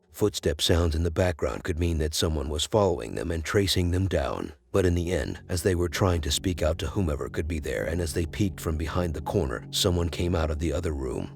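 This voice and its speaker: Deep gravelly guy narrating, chatty and opinionated, talks right at you. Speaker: narrator of a video compilation. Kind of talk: casual storytelling commentary.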